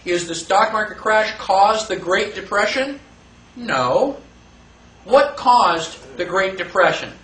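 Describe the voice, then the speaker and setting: Animated high-voiced man lecturing a class. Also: slow. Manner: animated, rhetorical questions, acts out quoted voices. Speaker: teacher. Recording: echoey room, voice from far off.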